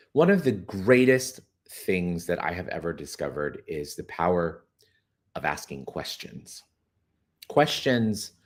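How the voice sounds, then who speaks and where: A man with a fairly low voice guides listeners through a spiritual exercise. He talks expressively and draws out key words slowly. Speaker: course guide.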